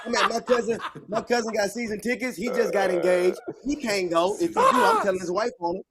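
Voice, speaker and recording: Hyped guy on a sports show, high voice, loud crowd noise behind him. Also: fairly quick. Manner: excited, joking, slangy. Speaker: podcast panelist. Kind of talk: casual sports talk show.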